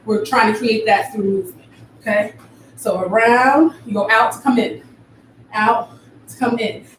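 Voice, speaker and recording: Woman dance instructor, higher voice, recorded off-mic in an echoey studio, calls out counts. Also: fairly even intonation, unhurried. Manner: counts rhythms aloud with vocal syllables. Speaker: dance teacher. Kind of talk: live online dance class instruction. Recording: echoey room from far off, faint noise.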